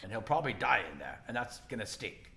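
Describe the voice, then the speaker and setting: An expressive male game master narrates a tabletop session and explains the rules. His pitch sits in a middle range but rises and falls constantly as he tells the story. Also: fast talker, creaky.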